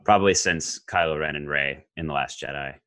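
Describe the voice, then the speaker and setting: A man talking casually about a movie, enthusiastic and jokey, with quick bursts of excitement. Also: rumbling low, smooth, dry recording, studio quality. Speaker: co-host discussing a film. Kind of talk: casual film discussion.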